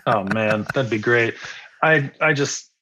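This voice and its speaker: A man's voice: medium pitch, takes it slowly, sharp tone, no echo, poor audio. A man in his forties, a musician being interviewed, talking in a rambling, enthusiastic way. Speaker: musician guest. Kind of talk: casual interview.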